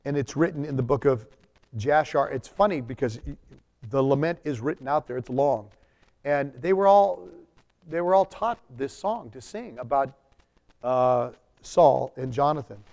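A man preaching a sermon as pastor, reading scripture aloud and then explaining it in plain talk, with sudden emphatic rises and soft drops. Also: mid-range voice, animated, a little slow.

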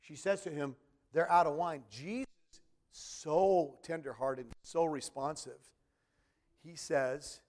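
A man preaching a sermon, telling a story with animated acted-out quotes and questions to the congregation. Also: fairly high pitch, slow pace. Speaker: pastor.

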